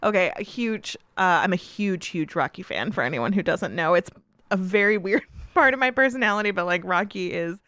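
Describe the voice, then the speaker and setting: A woman co-hosting a podcast in casual comedic chat, laughing often and talking with excitement. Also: fairly low pitch, normal speed, dry recording, clean studio sound. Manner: giggly, enthusiastic, laughs often. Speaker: podcast co-host.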